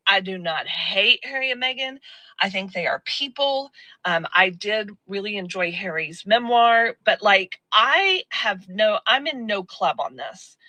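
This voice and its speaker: Bright-voiced chatty American woman. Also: medium pitch, dry recording, low-quality recording. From United States. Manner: chatty, animated, acts out quoted voices. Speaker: video storyteller. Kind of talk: casual storytelling monologue.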